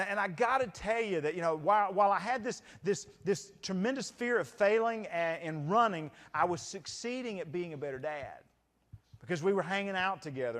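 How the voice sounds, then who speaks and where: Animated keynote speaker, hall echo. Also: male voice, sits high. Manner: animated storytelling with acted-out quotes. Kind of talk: motivational keynote speech. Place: large convention hall. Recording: long hall reverb.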